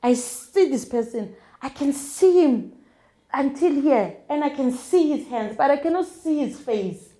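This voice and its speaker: A young woman with a South African accent tells her own story as an interview guest. Her voice sits a little high but sounds mellow. She speaks haltingly and keeps restarting and repeating words. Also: lively intonation. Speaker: guest sharing a personal testimony. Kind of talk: emotional first-person storytelling.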